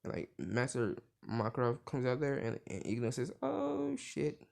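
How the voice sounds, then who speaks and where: A man's voice: mid-range voice, normal speed, darkish tone. A young man casually retelling a cartoon crossover story, rambling with constant filler words and swearing. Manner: rambling, full of "like" fillers, profane.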